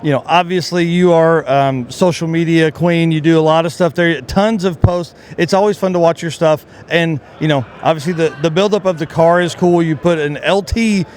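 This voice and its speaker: A man interviewing a guest at a trade show booth, teasing and playful, his voice worn out from shouting. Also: a little high, fairly even intonation, moderate pace, few pauses, slight background noise. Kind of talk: casual interview. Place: busy trade show floor.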